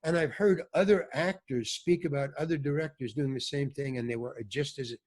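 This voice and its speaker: Husky-voiced man telling stories. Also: a little high, moderate pace. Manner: animated storyteller, acts out quoted voices. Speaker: guest actor. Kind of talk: storytelling in a podcast interview.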